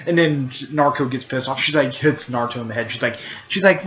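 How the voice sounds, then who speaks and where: A man retelling a fan story in a rambling, halting way, full of fillers and restarts. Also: fairly high pitch, a bit bright, lo-fi sound, slight background noise. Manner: halting, filler-heavy, repeats "technically" and "there".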